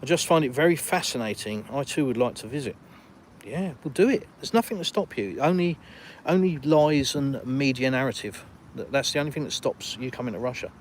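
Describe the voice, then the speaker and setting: A man's voice: medium pitch, quick pace, a little hiss or hum. Older Englishman chatting on a live walkabout. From England. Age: retired. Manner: relaxed, chatty, reads comments aloud then answers. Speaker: live stream host. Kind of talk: casual live stream chat, reading viewer comments. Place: outdoors in a village, walking.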